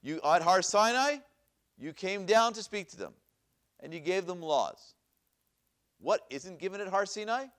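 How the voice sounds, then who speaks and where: A rabbi leads a Bible class in a synagogue classroom, reading Hebrew verses aloud and putting questions to his listeners, often repeating them. His voice is high, expressive and fairly bright, moving a little slowly with long pauses.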